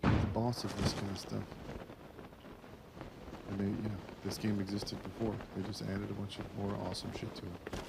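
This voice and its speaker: A man's voice: lowish voice, little pitch movement, normal speed, vocal fry, long pauses, heavy background noise. A man co-hosting a casual gaming podcast, laid-back and jokey, laughing often. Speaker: podcast co-host.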